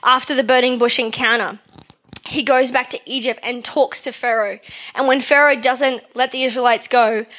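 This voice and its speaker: A woman's voice: fairly high pitch, fairly bright tone. A woman preaching a sermon in a conversational way, asking her listeners questions and repeating phrases for emphasis. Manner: conversational, asks the congregation questions.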